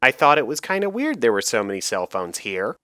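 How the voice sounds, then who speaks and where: A man's voice: medium pitch, sing-song, a little fast, bright, forceful tone, no echo, clean studio sound, voice pushed up. A man voicing a confused male customer who walked into the wrong store, protesting in a rising, bewildered voice. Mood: sheepish. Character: confused male bank customer, baffled and defensive.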